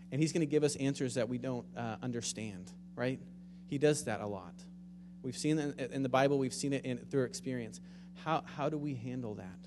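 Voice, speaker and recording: A man preaching a sermon in a conversational way, moving between quiet, reflective stretches and louder, emphatic ones. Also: mid-range voice, long reverb tail, background noise. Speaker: pastor.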